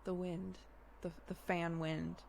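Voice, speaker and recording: A woman's voice: lowish voice, level tone, takes it slowly, creaky, background noise. A woman hosting a live stream in casual chat, giggly and chatty, laughing often. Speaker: streamer host.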